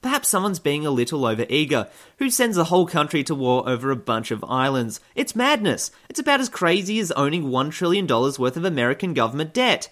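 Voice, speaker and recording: A man's voice: on the high side, big pitch swings, a little fast, few pauses, a bit bright. A man hosting satirical news commentary, delivering figures straight and then cutting in with sarcastic, mock-cheerful jokes. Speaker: comedy news host.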